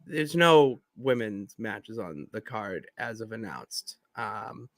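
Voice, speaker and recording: A man's voice: lowish voice, lively intonation, slow, dry recording. A man co-hosting a wrestling podcast, rambling casually and trailing off mid-thought. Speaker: podcast co-host.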